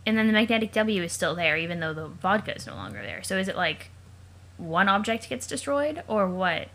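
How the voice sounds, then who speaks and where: A woman hosting a let's play reads the comic's text aloud in a relaxed, casual way. She talks at an ordinary middle pitch and keeps breaking off into chatty, joking side comments and questions she wonders about aloud. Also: fairly quick.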